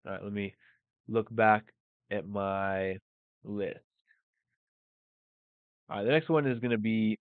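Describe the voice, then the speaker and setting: A man teaching a live English lesson in a relaxed, think-aloud way, dropping Spanish phrases in as he goes. His voice is smooth and clear, but it comes through a narrow, phone-like line with almost no room sound. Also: fairly low pitch, no room sound. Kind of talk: live-streamed language lesson.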